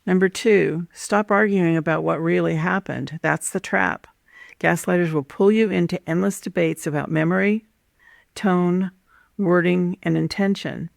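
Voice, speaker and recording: A woman hosting a show, giving a calm, measured, scripted talk on relationships and laying out her advice point by point. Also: lowish voice, creaky, dry recording, studio quality. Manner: calm, measured, instructive, lays out numbered points. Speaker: host. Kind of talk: scripted teaching monologue on relationships.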